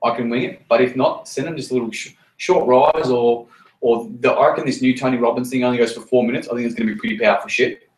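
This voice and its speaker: A man's voice: medium pitch, fairly even intonation, quick pace. A man leading a team meeting, talking bluntly and repeating himself, with plenty of swearing. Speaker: team leader running a meeting. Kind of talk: blunt motivational talk. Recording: roomy sound from a distance.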